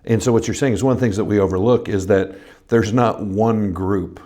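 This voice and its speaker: Low-voiced male podcast host asking questions. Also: steady tone, a little fast, mellow. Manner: asks questions, jokes easily. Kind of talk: interview-style podcast conversation.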